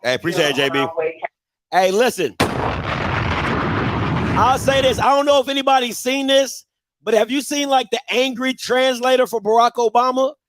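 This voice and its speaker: A man hosting a call-in show, commenting loudly and laughing, often acting out other people's voices. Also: very high-pitched, expressive, moderate pace, long pauses, heavy background noise. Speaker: show host.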